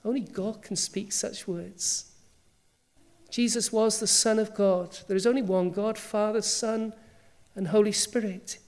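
A woman's voice: mid-range voice, fairly even intonation, a little slow, a little mellow. A woman preacher delivering a sermon, emphatic and full of rhetorical questions.

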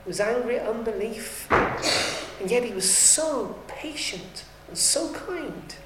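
Woman preacher delivering a sermon with earnest fervour; slightly high voice, roomy echo. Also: animated, slow pace, noisy background. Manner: earnest, rising to fervent appeals. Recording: echoey room.

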